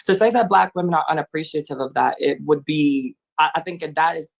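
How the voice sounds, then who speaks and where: A woman's voice: sits low, fairly quick, gravelly. A woman panel guest making an articulate, earnest argument in a debate.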